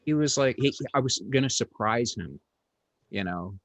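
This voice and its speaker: A man's voice: mid-range voice, animated, normal speed, no room sound. A middle-aged man, a comedian hosting an interview, telling a story in a casual, rambling way with lots of fillers, restarts and blunt, crude words.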